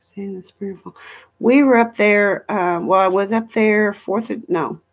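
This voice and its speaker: A woman's voice: medium pitch, fairly even intonation, a little slow, vocal fry. A middle-aged woman chatting casually on a live stream from home, rambling through travel stories and reading viewer comments aloud. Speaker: livestream host.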